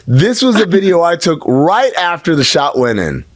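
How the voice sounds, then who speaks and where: A man's voice: a little high, big pitch swings, moderate pace, no room sound. A man co-hosting a podcast, telling game stories in a chatty, joking way. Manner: chatty, storytelling, joking asides. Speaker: podcast co-host. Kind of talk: casual sports chat.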